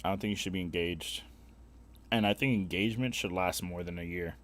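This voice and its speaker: A man's voice: low-pitched, brisk, a bit bright. A young man streaming a game, chatting casually with viewers in a rambling, profane, opinionated way. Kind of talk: casual live-stream chat while gaming.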